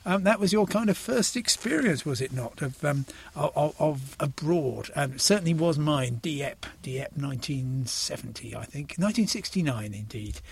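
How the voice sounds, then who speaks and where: A man in his sixties from England, chatting hesitantly with many ums and restarts and slowly reading poems aloud. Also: on the high side, lively intonation, vocal fry, slightly rough. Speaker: poetry reader in a conversation. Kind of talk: casual chat with poetry readings.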